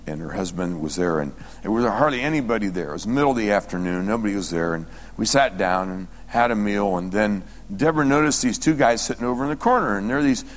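A man preaching as a pastor, telling a story animatedly and acting out the dialogue as his excitement builds. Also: mid-range voice. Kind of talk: sermon. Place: church sanctuary. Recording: long reverb of a church hall.

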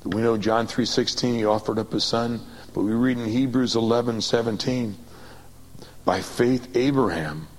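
A man preaching a sermon, swinging from excited high bursts to quiet low reading, calling on the congregation to repeat after him. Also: moderate pace, poor audio. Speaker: pastor.

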